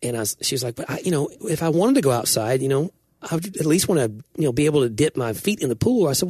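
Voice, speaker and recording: A man from the southern United States telling an animated story in a casual chat. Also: on the high side, fast, husky, no echo, clean studio sound. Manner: animated storytelling, trades jokes about regional words.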